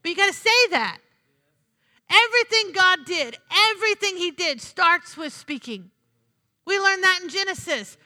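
A woman's voice: extremely high pitch, animated, normal speed, sharp tone. A woman preaching a sermon in a church, emphatic, repeating her phrases and asking the congregation "Amen?". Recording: long hall reverb.

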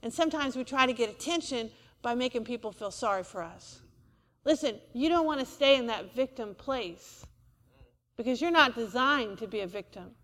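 A woman's voice: a little high, lively intonation, normal speed, fairly bright tone, long reverb tail. A woman preacher, delivering a sermon in a church and asking the congregation for amens. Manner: call-and-response preaching, asks for amens.

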